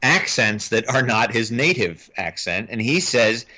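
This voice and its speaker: A man's voice: mid-range voice, expressive, measured pace, bright, forceful tone. A man co-hosting a film podcast in casual chat, rambling with restarts and easy laughs. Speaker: podcast co-host. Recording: slightly dull lo-fi audio.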